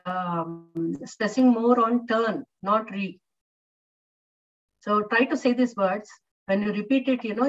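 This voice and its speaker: Woman lecturing over distant lo-fi audio. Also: mid-range voice. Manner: patient, repetitive teaching with frequent fillers. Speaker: English lecturer. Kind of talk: online class lecture. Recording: distant, dull lo-fi online audio.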